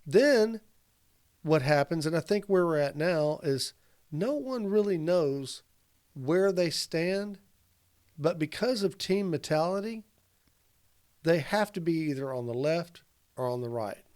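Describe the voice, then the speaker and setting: Chatty higher-voiced man explaining. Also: lively intonation, a little slow, long pauses, a little mellow. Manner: talkative, explains with long examples and casual swearing. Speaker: podcast co-host. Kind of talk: casual podcast discussion.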